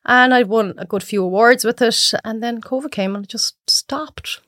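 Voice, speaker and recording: Irish woman, 30s, guest; animated storyteller, dry close mic. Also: on the high side, moderate pace, no room sound. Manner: animated storyteller acting out quotes. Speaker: podcast guest. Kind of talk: casual chat.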